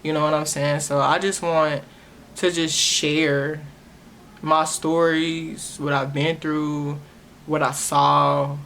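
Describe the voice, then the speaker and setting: A woman's voice: deep voice, level tone, slow, vocal fry, a bit bright, slight background noise. A young woman, hosting her own podcast and sharing a personal testimony in an earnest, emotional way, often stopping and restarting her words. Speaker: podcast host.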